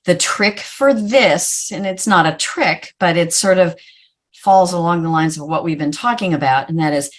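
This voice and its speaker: A woman's voice: lowish voice, normal speed. A woman dog trainer explaining in a hesitant way, with many fillers and restarts. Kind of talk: casual webinar chat.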